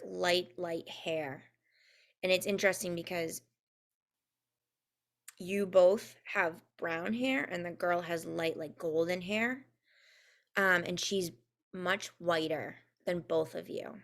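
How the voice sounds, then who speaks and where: A young woman giving a casual spoken intuitive reading, halting and full of ums, sometimes spelling words out. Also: on the low side, creaky, fairly bright tone. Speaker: intuitive reader and co-host.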